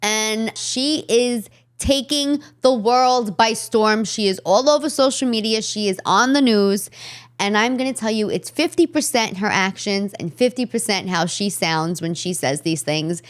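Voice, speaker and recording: A woman's voice: medium pitch, a little slow. A woman with a New York accent, hosting a podcast in brash, chatty, emphatic talk. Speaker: podcast host. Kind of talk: casual chat.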